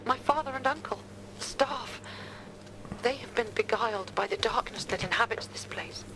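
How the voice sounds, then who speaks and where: An actress voicing a frightened young woman hiding in an attic in a game, with a British accent and hushed, pleading, old-fashioned speech. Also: on the high side, moderate pace, noisy background, lightly acted.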